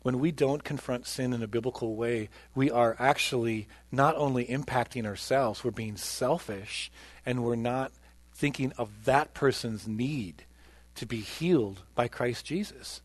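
An unhurried male pastor, medium in pitch, gives a sermon built around his personal testimony. He is earnest throughout, rising to loud emphasis and dropping to quiet, in a dry recording.

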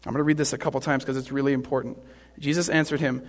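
A man's voice: mid-range voice, flat delivery, very fast, big-room sound. A man preaching a sermon in an earnest, explanatory way.

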